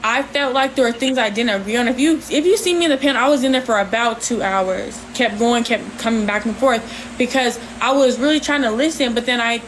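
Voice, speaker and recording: A woman's voice: on the high side, a little hiss or hum, poor audio. Rambling woman hosting a livestream. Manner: rambling, halting, many fillers; says she talks with her hands, animated. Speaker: livestream host. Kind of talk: casual livestream talk.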